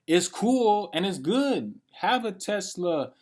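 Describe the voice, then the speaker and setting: Profane, rambling young man, higher voice. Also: very animated, slow pace, darkish tone. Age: late 20s. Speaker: vlogger. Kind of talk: unscripted rant monologue.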